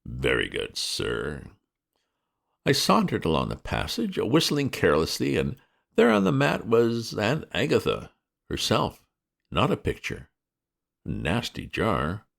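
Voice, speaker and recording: A man reading classic fiction aloud as an audiobook, with a wry, expressive storytelling manner. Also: mid-range voice, measured pace, gravelly. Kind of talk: audiobook narration.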